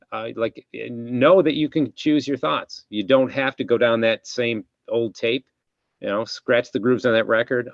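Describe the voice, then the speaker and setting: A man who hosts a podcast and works as a chiropractor leads a casual interview chat, rambling reflectively and restarting often. His voice sits in the mid range with no room sound, and the recording is dull, dry and lo-fi.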